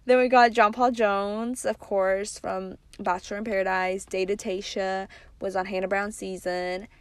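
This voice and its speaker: A woman's voice: medium pitch, little pitch movement, a little slow, smooth, no room sound. A young woman hosting a casual solo podcast, chatty and rambling with lots of fillers, her voice a little worn. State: losing her voice. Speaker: podcast host.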